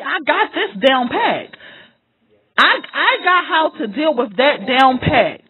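A woman's voice: sits high, very animated, takes it slowly. A woman giving an impassioned, profane monologue straight to her listeners, repeating lines for emphasis. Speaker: vlogger. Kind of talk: impassioned direct-to-camera monologue. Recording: tinny phone-like sound.

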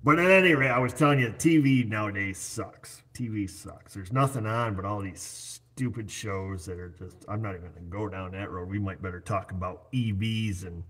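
A man's voice: on the low side, a little fast, few pauses, fairly bright tone, slightly rough. A man in his forties hosting a casual livestream chat, rambling and joking as he talks into his computer. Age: 40s. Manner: rambling, jokey, chatty. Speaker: livestream host. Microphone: computer set up on his screen.

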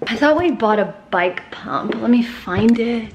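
In a very noisy, roomy indoor recording at home, a young woman talks to herself while getting ready for a casual vlog. Her slightly high voice is animated yet unhurried, with few pauses, as she chats, rambles, and curses freely.

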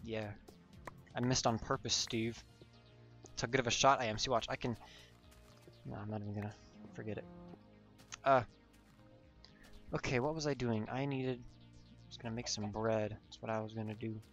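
A man's voice: medium pitch, steady tone, moderate pace, pauses often, a bit bright, soft background music. A young man giving goofy, rambling gameplay commentary as a gaming channel host, joking and losing his train of thought.

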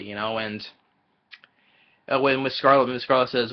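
A man casually retelling a film's plot in a rambling, halting way, with many fillers and chuckles. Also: mid-range voice, steady tone, highs cut off. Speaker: film reviewer.

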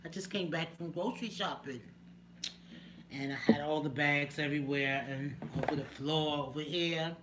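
A chatty woman on a home live stream talks to her viewers by name, laughing between remarks. The recording carries a clear hiss of background noise. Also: low voice, moderate pace.

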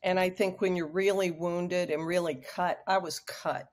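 Brief: woman, 60s, low-ish voice, candid and vivid storyteller speaking over a video call. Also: steady tone, normal speed. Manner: emotional, frank, vivid storyteller. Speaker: guest author.

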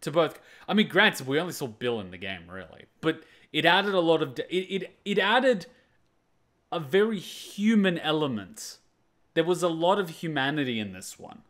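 A man's voice: on the high side, animated, moderate pace, a bit bright. A man hosting a reaction video, talking casually and earnestly about an episode in short repeated phrases.

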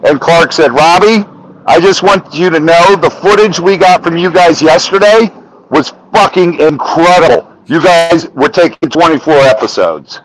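A man on a podcast telling a story in casual, animated talk, swearing often and acting out the dialogue. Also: on the high side, normal speed, a little hiss or hum, rough recording. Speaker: podcast guest.

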